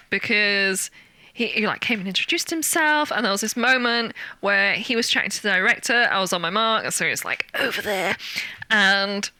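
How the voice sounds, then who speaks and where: Young british woman, very bright voice, dry close sound, animated storytelling. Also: no echo. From Britain. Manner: animated storyteller, acts out quotes with big jumps in pitch. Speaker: guest actor. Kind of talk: casual interview chat.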